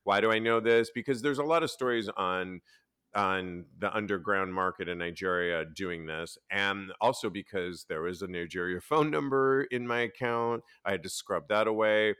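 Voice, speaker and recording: A man's voice: fairly low pitch, normal speed, smooth, dry recording, studio quality. A man hosting a casual podcast chat, telling stories with acted-out quotes and plenty of swearing. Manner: animated storyteller, acts out quotes, swears freely. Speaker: podcast host.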